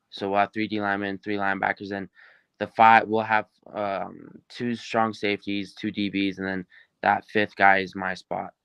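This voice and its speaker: A teenage football recruit from New Mexico, answering interview questions in an upbeat, rambling way with many fillers. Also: male voice, on the low side, a bit bright, clean tone, no echo. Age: teens.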